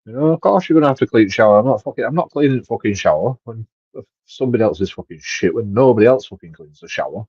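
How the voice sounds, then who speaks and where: A man's voice: fairly low pitch, lively intonation, fast, darkish tone, husky, no echo. A man ranting casually, swearing heavily and rambling with many restarts. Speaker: vlogger. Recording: dull lo-fi dry sound.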